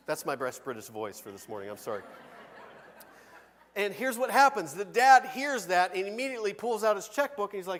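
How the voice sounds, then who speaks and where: A man preaching a sermon from the pulpit, conversational and animated, with big swings between loud and soft. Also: high-pitched, fairly quick, big-room sound. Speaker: pastor. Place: church sanctuary.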